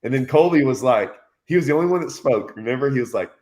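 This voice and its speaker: A man telling a lively story in casual chat, acting out quotes and laughing often. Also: mid-range voice, quick pace. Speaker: fishing channel host.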